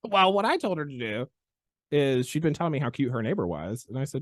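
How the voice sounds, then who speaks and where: A man, a chiropractor hosting a podcast, telling stories in an animated, theatrical way. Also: brisk, no echo, studio quality. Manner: animated, theatrical storyteller with big pitch swings. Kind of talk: casual podcast chat, storytelling.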